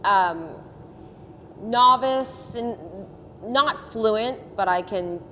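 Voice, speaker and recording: A woman's voice: fairly high pitch, very slow, sharp tone, big-room sound, slight background noise. A woman health coach talking earnestly and passionately, explaining things step by step as a podcast guest. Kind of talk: casual interview chat.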